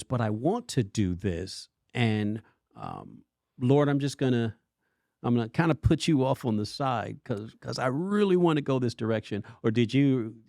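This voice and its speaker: A man co-hosting a church podcast, telling his own story in animated casual chat and acting out his past lines. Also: medium pitch, gravelly, no room sound, studio quality. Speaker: worship pastor and podcast co-host.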